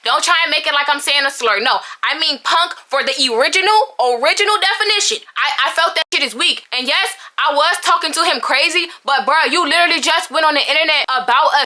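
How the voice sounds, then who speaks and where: Young woman, blunt and heated vlogger, piercing bright voice. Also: high-pitched, fairly quick, hardly any pauses. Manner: heated, blunt, swears freely, reads text messages aloud. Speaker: YouTuber telling her side of a falling-out. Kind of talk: emotional storytime vlog.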